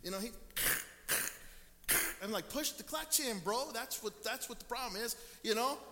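Man, pastor, sermon, storytelling, high pitch, long hall echo. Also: expressive, normal speed, noisy background. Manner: storytelling, acts out quoted people. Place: church sanctuary. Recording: long church reverb.

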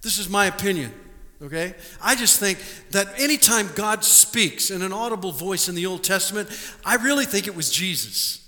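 A male pastor preaching a lively sermon to his congregation, stumbling over repeated words and asking the room questions. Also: high voice, moderate pace. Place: church sanctuary. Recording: live church recording with long hall reverb.

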